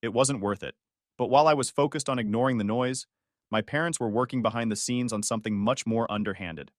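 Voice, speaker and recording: A man narrating a first-person family drama story in an expressive, storytelling manner. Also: medium pitch, fairly quick, no echo, clean studio sound.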